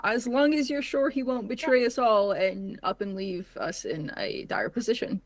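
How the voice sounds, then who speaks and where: A woman plays her character in a tabletop game with lots of questioning back-and-forth. Her voice is a little high and moves all over the place. She laughs often between points. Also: animated, normal speed, a little hiss or hum. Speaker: player.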